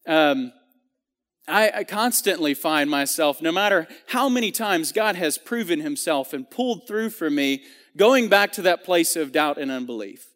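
A man's voice: on the high side, expressive, normal speed, a bit bright, long reverb tail. A man giving a sermon in a church, talking earnestly and conversationally with frequent restarts and fillers. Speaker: preacher. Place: church sanctuary.

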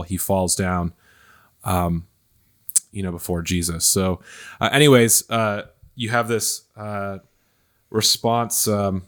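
A male pastor hosts a casual scripture discussion. His voice sits on the low side, and he muses through his points with frequent pauses and restarts. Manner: thoughtful, hesitant, many fillers and restarts. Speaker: pastor hosting a Bible study podcast.

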